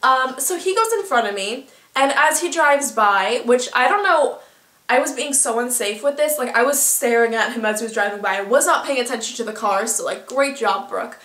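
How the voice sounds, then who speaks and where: A teenage girl vlogger telling a story in a chatty, filler-heavy, animated way. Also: a little high, normal speed, roomy sound. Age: teens. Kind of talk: casual storytelling.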